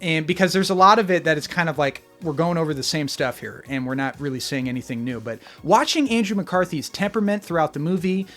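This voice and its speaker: A man's voice: on the high side, fast, few pauses, a bit bright, faint music behind. A man giving a casual spoken movie review, opinionated and rambling, often restarting his sentences. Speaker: film reviewer.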